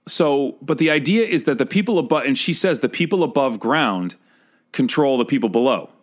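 A man in a loose podcast chat, working through his ideas about a film. He hesitates often and starts sentences over, his pitch sitting in the middle range. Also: lively intonation, fairly quick. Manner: thoughtful, hesitant, many restarts. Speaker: podcast co-host, movie reviewer. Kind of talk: casual chat.

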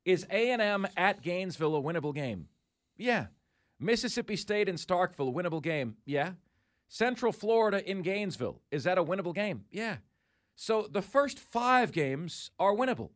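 A man's voice: high voice, big pitch swings, moderate pace. A man hosting a sports talk show, emphatically rattling off schedules with mock disbelief.

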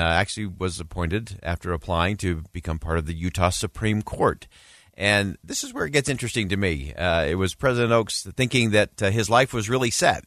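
A man hosting a show, introducing clips in a relaxed manner with frequent fillers. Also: deep voice, no echo, studio quality. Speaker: host. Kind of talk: casual commentary.

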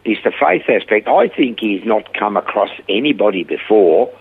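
An older man with a low, gravelly and husky voice tells his stories over a tinny phone line. He brings the people in his stories to life with animated, voiced quotes. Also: moderate pace. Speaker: guest, rehab centre founder. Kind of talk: storytelling interview.

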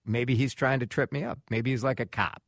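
A man hosting a radio talk show, telling a story in a casual, animated way and acting out quotes. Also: medium pitch, a little fast, vocal fry, no room sound, studio quality.

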